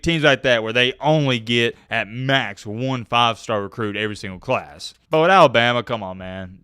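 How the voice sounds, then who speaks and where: A man giving casual, joking sports commentary to his viewers, swinging between loud outbursts and quiet asides. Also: mid-range voice, clean tone, no room sound, clean studio sound.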